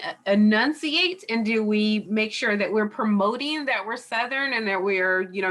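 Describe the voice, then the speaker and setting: A woman's voice: medium pitch, pushed and bright. A woman college instructor giving an online class review lecture, chatty and digressive with lots of fillers, heard through a computer mic on a video call. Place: home or office on a video call.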